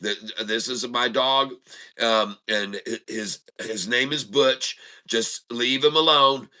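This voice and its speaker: A man's voice: medium pitch, bright, forceful tone. A man voicing a woman homeowner who hurriedly warns a repairman, in close to his own voice. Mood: insistent. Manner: hurried, insistent warnings.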